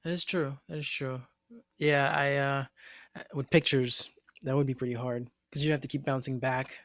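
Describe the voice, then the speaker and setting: A man's voice: medium pitch, level tone, moderate pace, a bit bright, dry recording, clean studio sound. A man co-hosting an anime discussion podcast, musing hesitantly and restarting his thoughts in casual chat.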